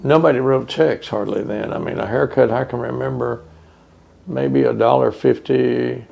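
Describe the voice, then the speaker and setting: Older man, gravelly low rasp, mid pitch, oral history interviewee. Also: steady tone, muffled recording. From Texas. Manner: reminiscing, unhurried with many fillers.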